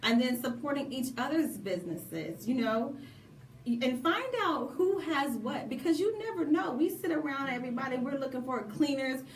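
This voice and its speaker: A woman, co-hosting a talk show in a lively, preacherly manner. Her voice sits a little high, and she sounds like she is some way off from the mic in an echoey room. Faint ambience hums behind her. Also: normal speed, recorded from a distance, slight background noise. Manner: lively, preachy, laughing asides. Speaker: co-host. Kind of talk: casual radio talk.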